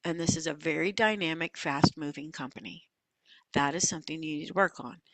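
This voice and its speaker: A woman coach teaches an online class in a folksy, animated way, moving from stories to asides. Her voice sits fairly low for a woman. The sound is dry and close, with no room around it. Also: fairly quick, dry recording. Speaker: leadership coach and instructor. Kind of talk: lively webinar teaching.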